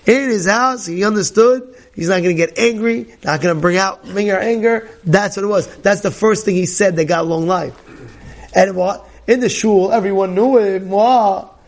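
A male rabbi giving a Torah class, telling animated stories, often laughing and repeating himself. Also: high-pitched, moderate pace. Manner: animated storytelling, many repetitions; laughs often while talking.

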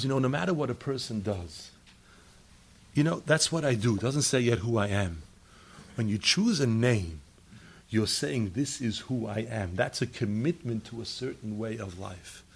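A man giving a sermon as a rabbi, swinging from loud emphatic peaks to quiet, low asides. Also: lively intonation, normal speed, vocal fry, breathy edge.

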